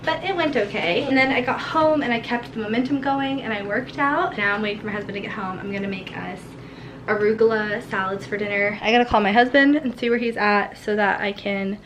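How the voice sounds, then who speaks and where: A young woman and mother with a sick, hoarse voice, chatting casually and rambling through a home vlog, full of "like". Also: medium pitch, a little fast, recorded from a distance. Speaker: vlogger and mother. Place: home kitchen and garden. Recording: roomy, off-mic, household noise.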